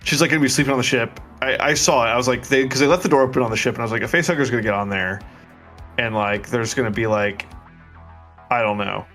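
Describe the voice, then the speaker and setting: A man's voice: mid-range voice, fast talker, a bit bright, soft background music. A man co-hosting a podcast, chiming in on a movie recap in a laid-back, profane way. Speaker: podcast co-host. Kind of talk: casual movie recap chat.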